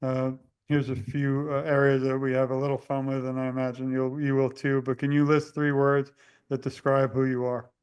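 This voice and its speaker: A young male host with a smooth, clear voice runs a casual interview. He keeps an even, level tone and rambles, often pausing on fillers. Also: medium pitch, lo-fi sound.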